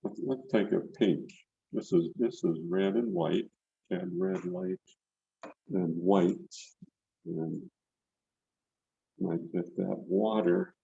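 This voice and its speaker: An older man, working as a painting instructor, leads a demonstration from an indoor studio during an online video session, rambling loosely and repeating words as he paints. His voice sits low and comes out slow and gravelly, husky and dark in tone, with frequent pauses. The video call mic gives a dull, echo-free sound.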